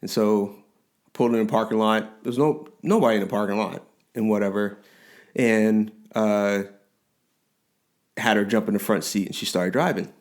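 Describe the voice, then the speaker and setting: A man in his forties co-hosting a podcast, telling a story in casual chat with lively restarts and frequent laughs. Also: on the low side, moderate pace, pauses often. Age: 40s. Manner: animated storyteller, rambling restarts, laughs often. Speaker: podcast co-host.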